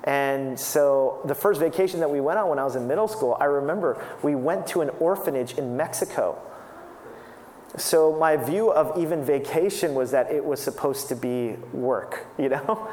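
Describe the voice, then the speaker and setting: A man's voice: fairly high pitch, normal speed, darkish tone, a little hiss or hum. Conversational man preaching in an echoey hall. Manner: conversational, self-deprecating, acts out quoted voices. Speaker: pastor. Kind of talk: sermon. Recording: echoey hall with long reverb.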